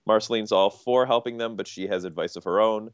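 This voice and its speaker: A man with a deep voice retelling cartoon plots on a casual podcast. The sound is dull and dry, with no room around it. He talks his way through each episode in detail. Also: brisk, clear, resonant tone, no room sound. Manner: recaps episodes in detail, animated. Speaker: podcast host.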